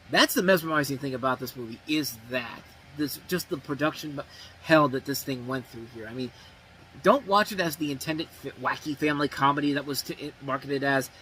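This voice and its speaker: A man's voice: mid-range voice, a little fast, sharp tone, a little hiss or hum, low-quality recording. A man hosting a movie review show, talking casually and rambling, with frequent restarts and self-corrections.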